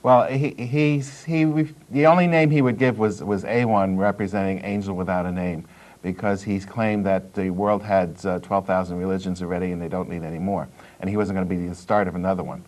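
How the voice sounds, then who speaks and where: A man with a rather low voice talks earnestly and at length. He lays out his account step by step, like a talk show guest telling his story. His delivery is explanatory rather than showy. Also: steady tone, brisk, darkish tone. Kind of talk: studio talk show discussion.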